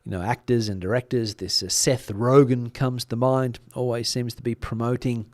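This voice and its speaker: A middle-aged Australian man runs a laid-back live stream, reading out comments and rambling along at a moderate pace with lots of ums, fillers and restarts. His voice is ordinary in pitch and sounds close and dry, with no room around it.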